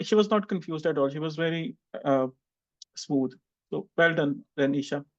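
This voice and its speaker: A man's voice: on the high side, muffled recording. A man teaching an online English exam class and giving chatty, teasing feedback to students. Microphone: video call.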